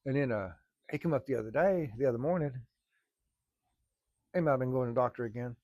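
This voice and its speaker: A man's voice: mid-range voice, quick pace, a little mellow, no room sound, dull audio. A middle-aged man, casually telling a rambling, folksy story to his viewers from work. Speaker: vlogger. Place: workplace, early morning.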